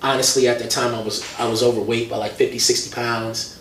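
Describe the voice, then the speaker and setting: A man chats as an interview guest, telling lively stories full of slang. His voice sits at an ordinary pitch. He is picked up from a distance in an echoey room, with faint noise underneath. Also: a little fast. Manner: animated storytelling with slang. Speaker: hip-hop artist and guest. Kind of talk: casual interview conversation.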